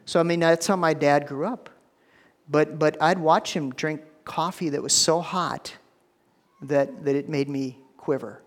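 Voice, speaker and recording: A man's voice: fairly high pitch, steady tone, a little slow. Man preaching in a reverberant hall. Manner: conversational, repeats words, frequent "you know". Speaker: pastor. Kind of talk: sermon.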